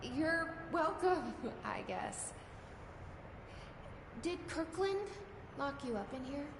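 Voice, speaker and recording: A woman's voice: high voice, very animated, slow, gravelly, heavily acted. A woman voicing a game character in light, teasing conversational dialogue. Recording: echoey reverberant game audio with noise.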